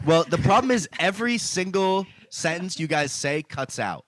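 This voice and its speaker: A man's voice: high voice, lively intonation, moderate pace, fairly bright tone. A man co-hosting a casual comedy podcast, telling stories animatedly and swearing freely over a remote call. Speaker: podcast co-host.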